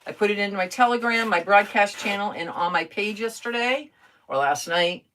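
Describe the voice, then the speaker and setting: A woman's voice: medium pitch, moderate pace, a bit bright, slight background noise. An older woman chatting casually while crafting on a live stream, talking to herself and answering viewer comments.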